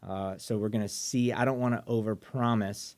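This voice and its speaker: A man from southern Mississippi hosting a podcast in casual chat, eager and excitable, often restarting his sentences. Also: lowish voice, moderate pace. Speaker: podcast host.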